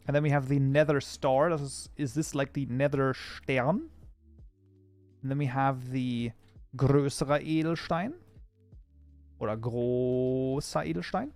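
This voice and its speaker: Coding live, a streamer and mod programmer whose first language is German chats casually with viewers and often lapses into mock outrage. His mid-range voice is a little mellow, with no echo in the recording.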